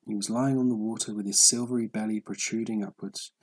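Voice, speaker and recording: A man narrating a story in a steady, measured audiobook reading. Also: fairly low pitch, breathy edge, poor audio.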